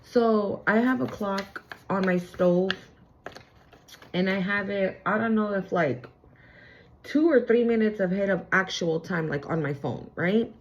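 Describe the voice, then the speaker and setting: A woman's voice: mid-range voice, unhurried, dull audio, slight background noise. A young adult woman giving a casual spiritual reading, chatty and emphatic, with slangy fillers. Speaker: spiritual reader. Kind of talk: casual tarot-style channeled reading.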